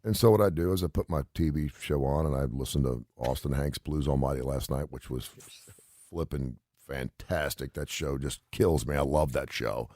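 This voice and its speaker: A man's voice: very deep voice, normal speed, a little mellow, no echo, clean studio sound. A middle-aged man hosting a radio show, casually telling a long rambling story and acting out the quotes. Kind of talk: casual chat.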